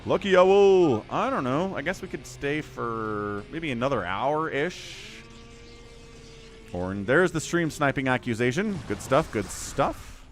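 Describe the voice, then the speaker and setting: A man's voice: mid-range voice, sing-song, a little slow, a bit bright, a little hiss or hum. A man casting a strategy game on a live stream, chatty, laughing often and greeting viewers. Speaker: game caster.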